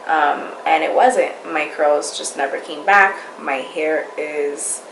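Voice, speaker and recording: Candid and casual, a young woman vlogger chats in a slangy, chatty way, her low, gravelly voice taking things slowly. The room is echoey, with faint background noise.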